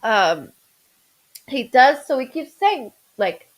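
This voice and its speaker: A woman's voice: high voice, expressive, slow, low-quality recording. A woman doing a live-streamed psychic reading as a medium, rambling with stammered restarts and greeting viewers by name.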